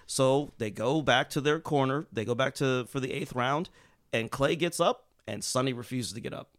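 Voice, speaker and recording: A man telling a sports history story on a podcast in a casual, animated way, acting out quotes and swearing freely. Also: normal speed, no room sound, studio quality. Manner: animated, acts out quotes with big pitch jumps and swearing.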